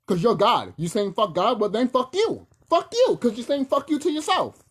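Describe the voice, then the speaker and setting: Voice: mid-range voice, sing-song, moderate pace, slightly rough. A young adult video blogger ranting heatedly to the camera, swearing a lot and mocking the people they address. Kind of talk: profane angry rant to camera.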